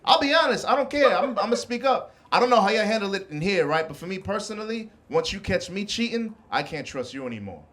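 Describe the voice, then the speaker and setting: A man's voice: high voice, very animated, fast, few pauses, a bit bright, a little hiss or hum. A young man from the Bronx, doing a brash, profane stand-up set and teasing the crowd from a club stage. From the Bronx, New York. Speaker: stand-up comedian. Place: comedy club stage before a live audience.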